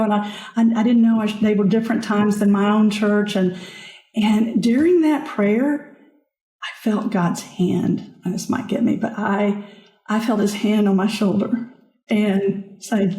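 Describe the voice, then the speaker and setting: A woman guest on a podcast, telling her own story in an earnest, halting way with frequent restarts. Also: medium pitch, fairly even intonation, dark tone. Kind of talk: candid personal storytelling. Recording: echoey room.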